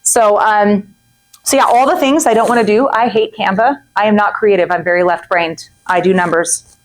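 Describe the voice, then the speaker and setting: A woman in her forties leads a chatty masterclass for a group. She talks fast and loose, stopping often to check in with the room. Her voice sits in a middle pitch. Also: poor audio. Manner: chatty, animated, acts out quoted people; frequent "right?" and "okay?" asides. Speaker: real estate coach.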